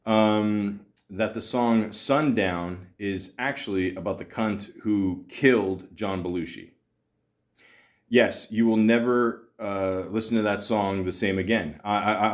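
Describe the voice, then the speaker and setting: A man with a fairly low voice hosts a solo podcast movie review. He rambles and swears freely, stumbling over repeated words as he restarts his sentences. He keeps turning to his listeners as ladies and gentlemen. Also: takes it slowly. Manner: rambling, profane, stammering restarts. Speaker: podcast host.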